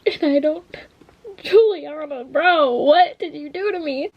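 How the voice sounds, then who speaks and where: A woman's voice: high-pitched, slow, dull audio. A young woman vlogging from her bedroom, tearful and emotional, gushing about a book and swearing casually. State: tearful, has been crying. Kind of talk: casual vlog chat. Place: at home, bedroom.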